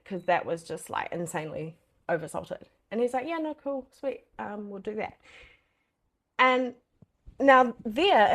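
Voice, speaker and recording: Chatty swearing woman coach. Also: on the high side. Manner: chatty, swears freely, many fillers like "like". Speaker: boundaries coach. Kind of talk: casual masterclass talk.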